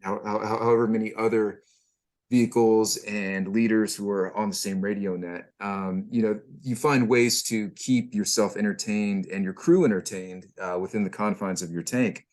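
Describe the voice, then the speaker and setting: Lowish guy rambling army stories, lots of restarts and fillers. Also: fairly even intonation, darkish tone. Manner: halting, many restarts and fillers. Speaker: guest, former tank crewman. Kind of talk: casual storytelling.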